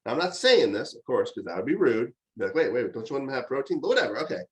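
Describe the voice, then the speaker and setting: A man's voice: mid-range voice, racing, rough recording. Man giving a chatty parenting lecture. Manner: storytelling, with animated quoted outbursts. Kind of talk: conversational lecture.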